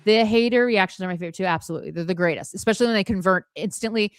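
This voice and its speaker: A woman's voice: medium pitch, rapid-fire, dry recording. Rambling woman on a dry livestream. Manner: rambling, many fillers and restarts; emphatic, frank, swears casually. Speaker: podcast co-host. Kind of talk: casual livestream chat.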